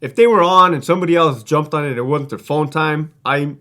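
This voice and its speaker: A man's voice: a little high, brisk, pushed and bright. A man who used to be a prison guard tells stories in a casual, profane, streetwise way, rambling and restarting his sentences. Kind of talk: casual storytelling.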